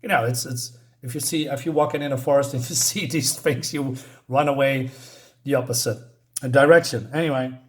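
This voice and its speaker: A man's voice: medium pitch, moderate pace. A man casually reviewing a comic book, reading panels aloud and rambling with many fillers and chuckles.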